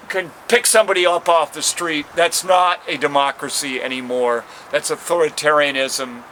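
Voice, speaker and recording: An older man, a street poet outdoors at a city train station, rambling and swearing in an impassioned rant and reciting verse slowly and dramatically. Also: fairly high pitch, sharp tone, slight background noise. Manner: profane, rambling, impassioned ranting.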